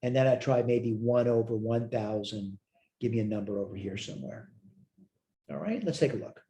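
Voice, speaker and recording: In a recorded math lecture, a weary instructor speaks at normal speed in a fairly low, mellow voice. He works through problems out loud, fixing his own mistakes and answering his own questions.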